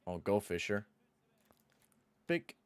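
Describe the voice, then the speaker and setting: Young male streamer, lowish smooth voice, dry close sound, excitable and profane. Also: takes it slowly, no echo. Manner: excitable, swears, shouts at the game. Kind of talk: live gameplay commentary and chat.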